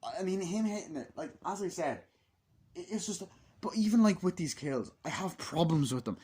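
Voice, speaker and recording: A man's voice: sits high, expressive, moderate pace, darkish tone, husky. Rambling, foul-mouthed male movie reviewer. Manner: rambling, heavy swearing, many fillers. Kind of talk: casual, unscripted spoken review.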